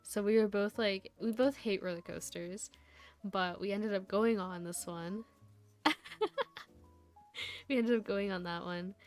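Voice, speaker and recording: Woman, VTuber streamer, casual rambling chat, giggly, lots of fillers, mid-pitched voice, faint music behind. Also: steady tone, unhurried, long pauses, darkish tone. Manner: rambling storytelling with frequent laughs and fillers.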